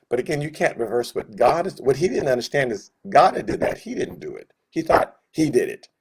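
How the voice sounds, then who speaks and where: A man's voice: medium pitch, very animated, a little fast, few pauses, breathy edge. A man teaching a Sunday school Bible lesson, telling the story in a casual, joking way and acting out what the characters say in different voices.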